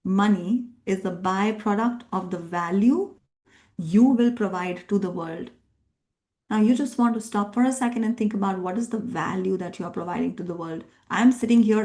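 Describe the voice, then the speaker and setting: A woman's voice: mid-range voice, a little mellow. A middle-aged woman coach leading a live workshop, emphatic and repetitive, rallying her group with questions. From immigrant living in Australia. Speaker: NLP coach and workshop trainer.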